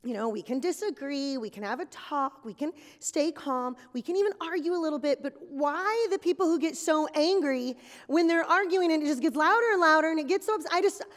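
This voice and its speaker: A woman giving a children's sermon at church, telling stories in an animated, exaggerated way for kids. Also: sits high, a little fast. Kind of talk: kid's sermon with acted skit. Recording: long reverb in a hall.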